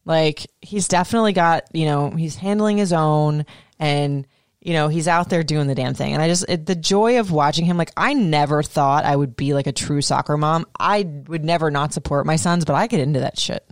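Animated, foul-mouthed woman chatting. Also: low-pitched, moderate pace, dry recording, clean studio sound. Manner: animated, swears freely, excitable. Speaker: podcast co-host. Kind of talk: casual chat.

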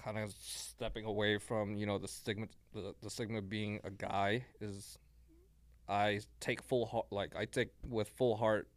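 A military veteran talking in a casual podcast chat. He speaks earnestly and haltingly, repeating words and restarting. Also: lowish voice, little pitch movement, no echo.

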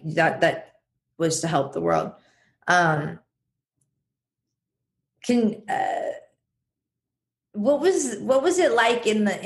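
A woman interviewing a guest, asking hesitant, halting questions. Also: fairly low pitch. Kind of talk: conversational interview.

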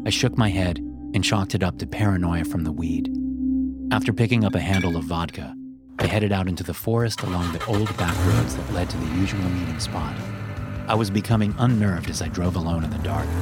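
A man narrating a first-person horror story in a hushed, tense storytelling manner. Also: deep voice. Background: music.

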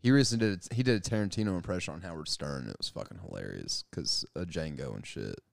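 A man's voice: rumbling low, expressive, fast talker, vocal fry, no echo, clean studio sound. A young man co-hosting a podcast, talking brashly and emphatically in casual chat. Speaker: podcast co-host.

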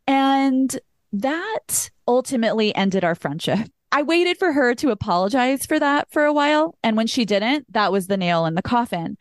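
A young adult woman hosts a podcast and tells a personal story in a candid, emphatic way. Her voice sits a little higher than most, and the sound is dry and close. She acts out what people said and sometimes swears. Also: lively intonation, moderate pace, dry recording. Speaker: podcast host. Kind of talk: personal storytelling in casual chat.

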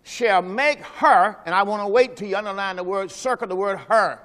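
A man preaching a sermon as pastor. He talks emphatically, asks the congregation questions, and drops into low quiet asides. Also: quick pace. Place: church sanctuary. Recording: long hall reverb from a church service.

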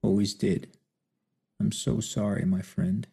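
A man's voice: on the low side, level tone, slow pace, dark tone, full character voice. A man voicing a frail, dying old outlaw who speaks weakly and tearfully with remorse. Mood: remorseful. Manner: weak, croaking, tearful speech.

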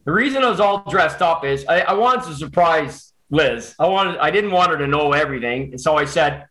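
A Canadian man telling a personal story in casual chat, animated and quick with restarts. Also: a little high, low-quality recording.

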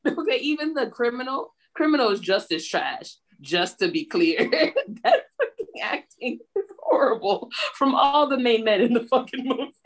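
A woman co-hosting a casual movie podcast, blunt and profane, laughing often. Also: a little high. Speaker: podcast co-host. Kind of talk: casual movie review chat.

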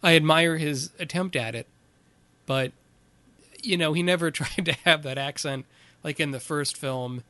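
A man co-hosting a podcast, chatting casually about a movie and recapping its plot in a halting way, with plenty of fillers. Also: a little high, pushed and bright, no echo. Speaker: podcast co-host. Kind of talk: casual movie review chat.

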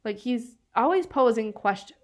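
Her voice a little high and animated at normal speed, this true-crime podcast co-host from northeastern Pennsylvania keeps things conversational. Fillers pepper her speech, and she laughs often.

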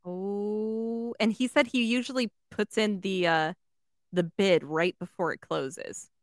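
A woman's voice: medium pitch, takes it slowly, dry recording, clean studio sound. A woman co-hosting a casual podcast, enthusiastic, swearing, with lots of fillers. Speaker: podcast co-host. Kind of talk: casual chat.

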